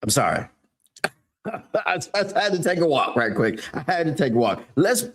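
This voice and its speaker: A male sports fan podcaster, chatty and slangy, who reads a news article aloud and breaks off to joke about it. His voice sits a little high for a man. It swings widely in pitch and has plenty of bounce. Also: moderate pace. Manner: animated, slangy, excitable and joking. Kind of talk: casual sports commentary, reading news aloud.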